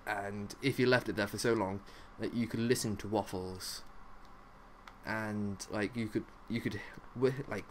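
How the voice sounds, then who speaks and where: Over a little hiss or hum, a young man with a lowish voice delivers goofy live commentary while playing a zombie game. He drifts from one odd topic to the next and peppers it all with "like."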